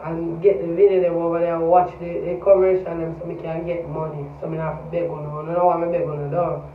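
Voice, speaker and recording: A man with a Jamaican accent, talking to his vlog audience in a loose, animated way, swearing often and repeating himself. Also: on the high side, fast, a little hiss or hum. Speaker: vlogger. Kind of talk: casual vlog monologue. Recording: echoey, far from mic, tinny phone-like sound.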